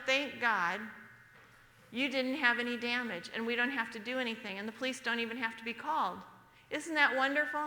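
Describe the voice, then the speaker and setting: A middle-aged woman giving a sermon at a church, mixing a personal story with Bible verses she reads slowly and asks the congregation to answer. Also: fairly high pitch, pushed and bright. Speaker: speaker at a church service. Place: church sanctuary. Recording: echoey church hall livestream.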